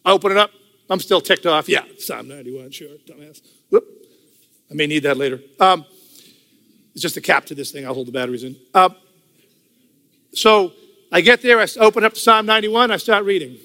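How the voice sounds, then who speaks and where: An older man tells his testimony to a congregation, chatting through the story and driving points home by saying them again and again. His voice sits a little high and comes out bright and forceful. The sound rings with a long reverb, as in a large hall. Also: animated, brisk, long pauses. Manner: conversational storytelling, repeats phrases for emphasis. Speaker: testimony speaker. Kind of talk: church testimony talk.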